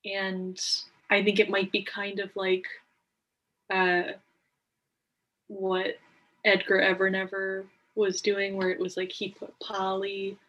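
A woman's voice: medium pitch, monotone, takes it slowly, a bit bright, muffled recording. A woman co-hosting a podcast, chatting casually about a TV episode in a rambling way, full of filler words. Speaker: podcast co-host. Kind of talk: casual TV recap chat.

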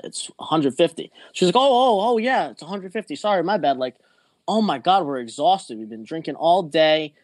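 A man's voice: medium pitch, darkish tone, dry recording. A young man in casual chat, telling a story in a laid-back, wry way with casual swearing.

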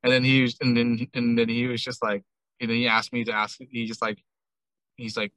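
A man's voice: mid-range voice, fairly quick, no echo, low-quality recording. A man, a ramen shop owner, telling a story in a casual interview and acting out quoted dialogue. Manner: chatty, animated retelling with many "I'm like" quotes.

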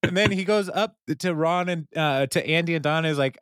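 A man's voice: fairly high pitch, fairly quick, a bit bright, smooth, dry recording, clean studio sound. A man co-hosting a podcast, recapping a TV episode in casual chat and laughing between lines as he tells the story. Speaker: podcast co-host.

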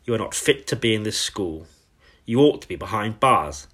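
Guy doing a giant mean headmistress, barking and ranting, low husky voice. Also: lively intonation, normal speed, fairly bright tone. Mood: raging. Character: huge, furious, bullying woman headmistress.

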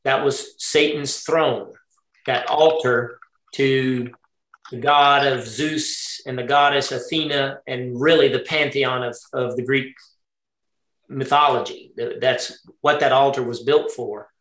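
A man's voice: mid-range voice, steady tone, slow pace, fairly bright tone, reverberant. A man leading an interactive Torah study lesson. He thinks aloud, often asks his group questions and checks they are following along. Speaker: Bible study teacher.

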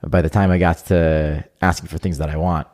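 A man's voice: deep voice, little pitch movement, a little fast, darkish tone. A young adult man speaking as a podcast guest in an earnest, reflective way during casual conversation.

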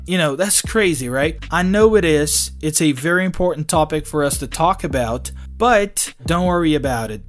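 Slow, emphatic male English teacher. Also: fairly high pitch, a bit bright. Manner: emphatic, talks straight to viewers with rhetorical questions. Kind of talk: online English lesson.

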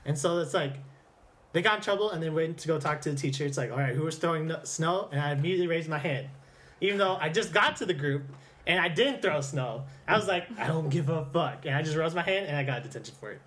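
A young man chatting casually as a co-host, rattling off stories at a quick clip. His voice sits a little high, and his talk is loose, packed with fillers like "like" and "you know.". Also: fairly bright tone. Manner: rapid storytelling full of "like" and "you know". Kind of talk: casual chat.

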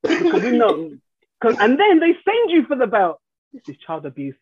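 Husky-voiced grandmother on a tinny line. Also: a little high, huge pitch swings, normal speed, darkish tone, no echo. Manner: storytelling, laughs easily, mimics family voices. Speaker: guest, life coach. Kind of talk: casual podcast chat.

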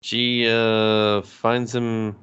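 A man's voice: fairly low pitch, little pitch movement, fairly bright tone, smooth, dull audio. A man co-hosting a podcast, casually recapping an anime, swearing freely and acting out the characters' lines. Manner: profane, acts out characters' lines in quick voices. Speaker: podcast co-host.

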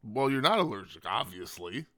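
A man co-hosting a casual chat, teasing in a dry, deadpan way. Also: lowish voice, moderate pace, no echo. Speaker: podcast co-host.

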